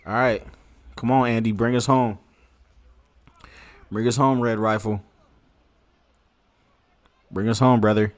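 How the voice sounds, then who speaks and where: A man streaming a football video game, giving excitable, slangy live commentary and talking to his viewers. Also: fairly low pitch, takes it slowly, pauses often. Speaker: gaming streamer. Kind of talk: casual live gameplay commentary.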